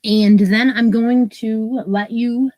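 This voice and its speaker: A woman's voice: fairly high pitch, steady tone, slow, darkish tone, no room sound. A woman hosting a crochet live stream, chatting casually and greeting viewers by name, her nose stuffed up from allergies. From New York State, US. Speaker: crochet channel host.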